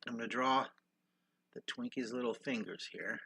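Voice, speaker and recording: A man's voice: medium pitch, moderate pace, gravelly, pushed and bright, a little hiss or hum. An older man teaching a live-stream drawing lesson, upbeat and encouraging, greeting viewers while he draws.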